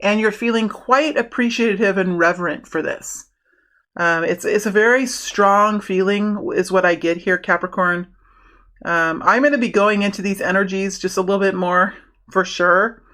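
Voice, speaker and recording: Woman doing a rambly tarot reading, lots of ums and restarts, mid pitch. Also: fairly even intonation, normal speed, a bit bright. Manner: chatty, rambling, with many restarts and fillers. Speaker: tarot reader. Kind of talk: casual tarot reading to camera.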